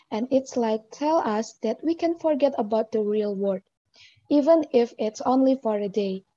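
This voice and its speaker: A woman's voice: a little high, dark tone, no room sound. A woman learning English reads out a prepared answer in an earnest, dreamy way. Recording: dull lo-fi recording.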